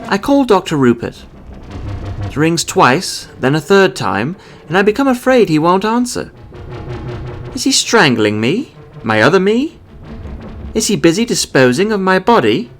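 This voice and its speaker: A man's voice: sits high, big pitch swings, measured pace, fairly bright tone, faint music behind. A man narrating his own short story as an audiobook in an earnest first-person telling.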